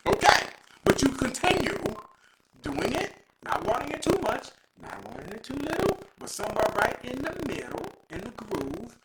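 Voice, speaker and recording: A man's voice: very high voice, huge pitch swings, normal speed. A man from Texas, hosting a live show in a playful, preachy storytelling way. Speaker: host. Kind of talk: lively live show talk. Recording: echoey room with loud noise.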